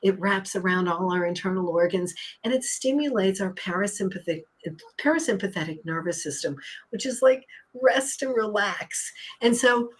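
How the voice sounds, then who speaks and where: A woman's voice: mid-range voice, animated, normal speed, slightly rough. A woman coach on a live stream, upbeat and teacherly, repeating key words for emphasis. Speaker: anxiety coach and hypnotist.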